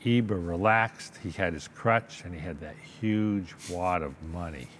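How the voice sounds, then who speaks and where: Sitting for an interview, an older business owner spins a long, animated story, doing the voices of its characters and frequently asking "okay?". He has a deep voice, speaks a little slowly, and there's slight background noise.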